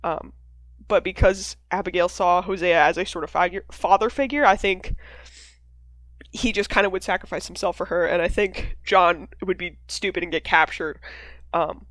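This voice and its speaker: Animated, swearing woman in a dry recording. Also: lowish voice, normal speed, dry recording. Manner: animated, swears freely, acts out characters' lines. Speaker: podcast host leading a discussion. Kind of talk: casual chat.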